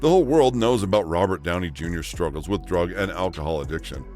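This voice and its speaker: Deep-voiced male narrator, lively reading. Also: quick pace, faint music behind. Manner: reads a celebrity countdown script. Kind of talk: scripted documentary narration.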